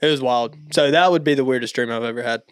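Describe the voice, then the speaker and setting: Casual young man with a smooth voice. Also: mid-range voice, fast, dry recording, clean studio sound. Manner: relaxed, rambling storyteller with many fillers. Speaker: podcast co-host. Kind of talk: casual chat.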